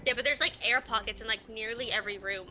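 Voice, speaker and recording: Playful woman with a bright voice. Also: a little high, fairly even intonation, quick pace, a little hiss or hum. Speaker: game co-player. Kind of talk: casual gaming chat.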